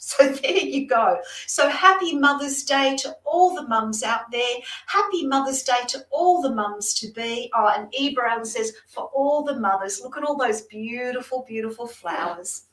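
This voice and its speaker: A high, animated, slightly bright voice at normal speed, barely pausing, belongs to an Australian psychic reader guesting on a livestream. She chats effusively with her viewers between card readings, recorded in a roomy space on a distant mic.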